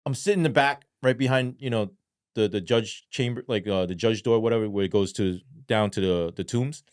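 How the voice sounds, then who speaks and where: A former police sergeant, a man, telling his story as an interview guest in animated, profane street slang. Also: on the low side, brisk, smooth, no room sound, studio quality.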